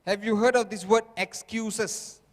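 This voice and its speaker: A man's voice: high-pitched, steady tone, a little slow. A man giving a motivational seminar talk who keeps checking in with the audience and acts out the voices he quotes. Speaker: seminar speaker. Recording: long hall reverb.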